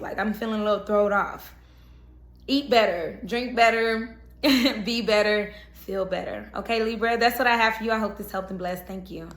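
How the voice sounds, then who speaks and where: A woman's voice: on the high side, a bit bright, echoey room. A young woman giving a casual tarot horoscope reading in a chatty, reassuring way, often checking in with "okay?". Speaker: tarot reader.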